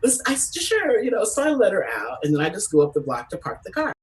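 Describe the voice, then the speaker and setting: A woman doing a stand-up comedy set, telling brash, profane stories in an animated way. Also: sits low, quick pace, distant mic, rough recording.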